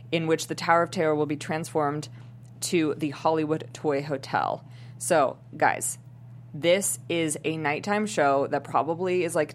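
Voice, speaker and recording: A woman's voice: sits low, a little hiss or hum. A woman hosting a casual group chat, explaining news in a chatty way and laughing easily. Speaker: podcast host.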